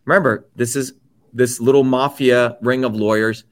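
A man's voice: mid-range voice, fairly even intonation, moderate pace. A man as an interview guest, telling his story in a blunt, emphatic way, often checking in with "okay?" and swearing freely. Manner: forceful, checks in with repeated "okay?".

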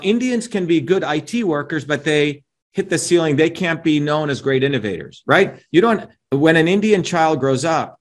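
A man speaking as an interview guest, emphatic and combative, pushing his points and often tagging them with a questioning "right?". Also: fairly high pitch. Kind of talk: opinionated interview talk.

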